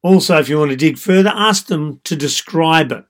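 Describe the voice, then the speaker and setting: A man who works as a dating coach, giving calm, explanatory advice in a monologue with frequent "so" and "you know". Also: fairly high pitch, normal speed.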